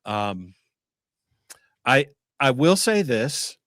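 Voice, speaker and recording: A man co-hosting a livestream, speaking in a measured, hesitant way and reading out legal points. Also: medium pitch, big pitch swings, a bit bright, no echo, studio quality. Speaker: livestream co-host. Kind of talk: live-stream talk.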